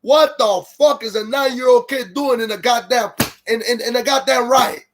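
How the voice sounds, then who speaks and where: A man's voice: very high-pitched, moderate pace, noisy background. A man hosting a livestream, ranting heatedly with lots of profanity and reading viewer comments aloud. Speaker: livestream host.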